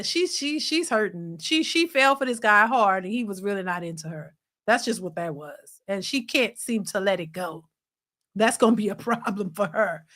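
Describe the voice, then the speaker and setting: Chatty woman reacting to a clip. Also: on the high side. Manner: chatty, animated, reads out viewer comments, laughs often. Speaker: reaction channel host. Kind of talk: casual commentary reacting to a clip.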